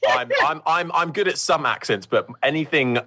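A bright, animated man co-hosts a podcast, chatting casually. His voice is on the high side at a moderate pace, and the recording is dry.

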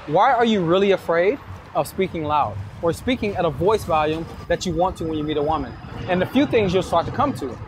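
A man hosting his dating-advice show, talking straight to camera outdoors at night in a city, energetic and direct with some swearing. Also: high voice. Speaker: dating coach and show host. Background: street noise, passing vehicles, distant shouting.

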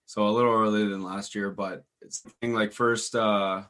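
A young man with a lowish voice talks easily among teammates. He rambles along, restarting sentences and padding them with "like" as he tells his stories in a loose, relaxed way. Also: normal speed. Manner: rambling, laid-back storytelling with many "like"s and restarts. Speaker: hockey player, co-host. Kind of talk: casual group chat.

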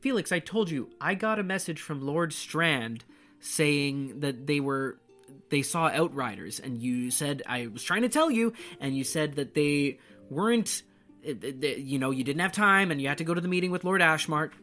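Dude doing a jumpy young soldier, higher and louder, rambles on fast. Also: male voice, lively intonation, faint music behind. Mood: eager. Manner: rushed, eager and rambling.

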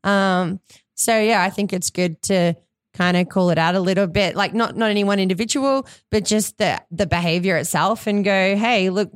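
A woman's voice: mid-range voice, steady tone, normal speed, no echo, studio quality. A woman, a musician guest on a podcast, chatting in an easygoing way with plenty of "you know"s. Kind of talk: casual chat.

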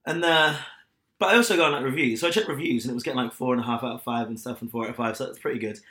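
Young male co-host, blunt and scornful, bright tense tone, roomy echo. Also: mid-range voice, racing. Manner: blunt, mocking, animated retelling. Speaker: podcast co-host. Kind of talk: casual chat. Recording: echoey room.

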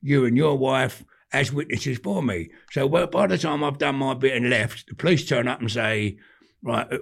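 An older man with a London accent, a podcast guest telling animated stories in cockney slang, swearing freely. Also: mid-range voice, normal speed. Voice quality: gravelly, husky. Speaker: podcast guest, former gangster. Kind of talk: casual storytelling.

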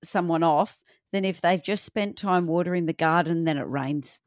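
A woman's voice: fairly low pitch, moderate pace, no room sound, studio quality. A woman chatting as a podcast guest, laughing often and teasing. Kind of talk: casual chat.

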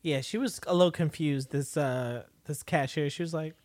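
Podcast co-host, mid-pitched voice, dry close recording, relaxed and agreeable casual talk. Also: moderate pace, no room sound. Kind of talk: casual recap chat.

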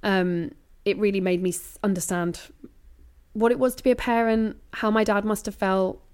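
A woman in her thirties, a comedian being interviewed, talking candidly and reflectively, often lively and laughing. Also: medium pitch, moderate pace, clear, resonant tone.

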